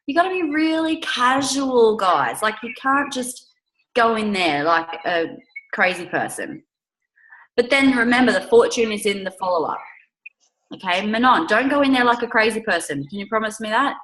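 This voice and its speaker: A woman's voice: mid-range voice, lively intonation, moderate pace, a bit bright, reverberant, low-quality recording. A woman leading a team coaching call, upbeat and chatty, with lots of "okay?" check-ins. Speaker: network marketing team leader.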